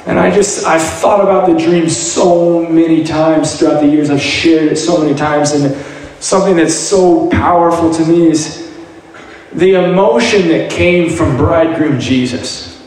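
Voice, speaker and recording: A man sharing a personal faith testimony in an earnest, halting way, often restarting his words. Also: a little high, a little mellow. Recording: very echoey room, heard from a distance, light noise.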